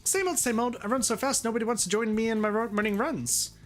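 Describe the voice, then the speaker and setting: A man voicing a bubbly, energetic teenage girl who runs track, in a chirpy raised voice. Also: very high voice, quick pace, soft background music, pitched above the performer's own voice.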